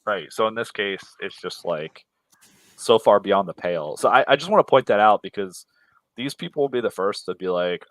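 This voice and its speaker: Blunt, profane male co-host, very low voice, dry close sound. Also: expressive, moderate pace, a bit bright, dry recording. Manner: blunt, profane, mocking voices when quoting. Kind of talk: casual livestream chat.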